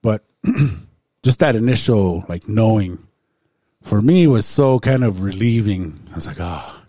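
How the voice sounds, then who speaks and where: Low-voiced man, halting testimony at a recovery meeting, lots of throat-clearing, dry close sound. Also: lively intonation, dark tone, no echo. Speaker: recovery group member sharing. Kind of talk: personal testimony in a recovery circle.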